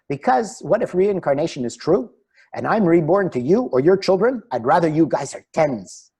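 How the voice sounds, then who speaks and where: A middle-aged man, a relationship coach, giving a webinar talk over a video call and telling animated anecdotes. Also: medium pitch, husky. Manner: animated storyteller, chuckles at himself.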